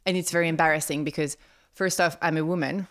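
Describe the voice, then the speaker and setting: Woman, French accent, fairly low voice, casual chat, playful, laughs often. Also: fairly even intonation, quick pace, fairly bright tone. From France. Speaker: sailing guest.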